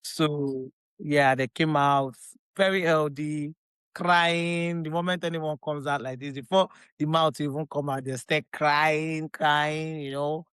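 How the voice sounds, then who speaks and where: A woman with a Nigerian accent talks as a podcast guest. Her voice is smooth and clean, with an animated, emphatic delivery that circles back on its own phrases. The recording is close and dry, with no room sound. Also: low voice, slow pace, no room sound. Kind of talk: casual chat.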